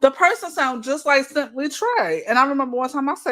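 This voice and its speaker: A woman with a Baltimore accent chats loosely with friends, reminiscing and pausing on fillers as she gathers her thoughts. Her voice sits fairly high. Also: lively intonation, pushed and bright. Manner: chatty, reminiscing, trails off with fillers. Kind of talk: casual group chat.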